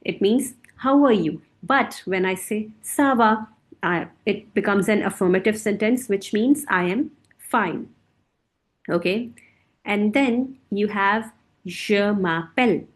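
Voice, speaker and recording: A woman teaching a beginner French lesson, speaking slowly and patiently and repeating each word for her students to drill. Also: medium pitch.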